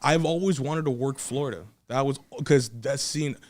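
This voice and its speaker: A young man, a wrestler, telling a story in a casual podcast chat, animated and laughing often, acting out what others said. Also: medium pitch, normal speed.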